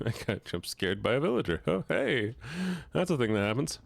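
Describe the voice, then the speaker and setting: A man chatting casually with his live-stream audience while playing a game, joking, playful and quick to laugh. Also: mid-range voice, very animated, gravelly. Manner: playful and joking, laughs often, teases chat.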